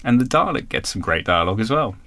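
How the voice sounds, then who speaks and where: A man's voice: mid-range voice, big pitch swings, fast, bright, forceful tone. A man chatting casually over a video call, hesitant, with many fillers and restarts. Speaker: guest producer.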